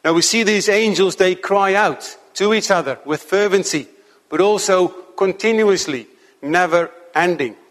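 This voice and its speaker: A man preaching a sermon to his congregation in an earnest, measured way, slowing down to stress key points. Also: sits high, a bit bright, in a large hall. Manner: earnest, measured preaching with slow emphatic stretches.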